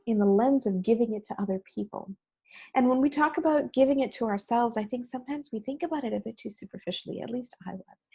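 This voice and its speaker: A woman with a fairly high voice gives a heartfelt keynote talk. Her tone is mellow and a little breathy, and she speaks earnestly and conversationally, as if confiding in the audience. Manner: earnest, conversational, personal, frequent "you know". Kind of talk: motivational talk recorded on video.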